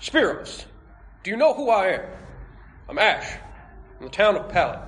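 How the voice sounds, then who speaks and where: A man playing a young trainer as a calm, halting politician impression at a live comic script read. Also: high voice, pitched above the performer's own voice. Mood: grandiose. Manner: slow, halting speechmaker cadence.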